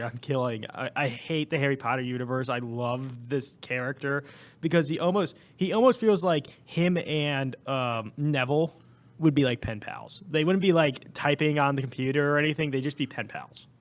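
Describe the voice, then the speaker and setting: A man's voice: medium pitch, normal speed. A man co-hosting a podcast in casual comedic chat, rambling with lots of fillers and laughter. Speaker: podcast co-host.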